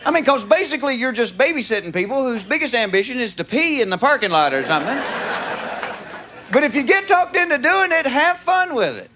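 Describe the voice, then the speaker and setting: A man's voice: extremely high pitch, very animated, a little fast, crowd noise. A man with a Southern American accent doing a stand-up comedy routine, telling drawling stories on a stage before a live audience. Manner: drawling storyteller, slips into character voices. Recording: live show with audience noise.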